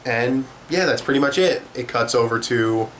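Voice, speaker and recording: A man's voice: mid-range voice, normal speed, fairly bright tone, a little hiss or hum. A young man giving a casual spoken comic review, loose and profane, acting out quotes as he goes.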